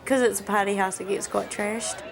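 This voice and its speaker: A young woman chats casually, full of fillers. Clear crowd chatter surrounds her. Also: medium pitch, steady tone, moderate pace, heavy background noise. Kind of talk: interview.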